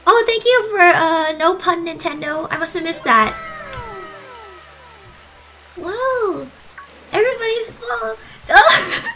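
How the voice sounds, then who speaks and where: Very high-pitched bubbly woman streamer. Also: animated, a little slow, long pauses, low-quality recording. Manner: bubbly, gushing, giggly, thanks viewers. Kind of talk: live gaming stream commentary.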